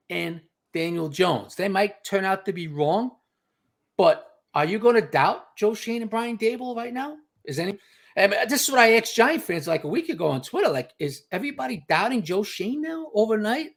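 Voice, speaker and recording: Husky-voiced New man, animated podcast guest who tells stories emphatically. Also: high voice, normal speed. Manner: emphatic storyteller, repeats "you know" and "okay". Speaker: podcast guest, team insider. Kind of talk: casual sports podcast chat.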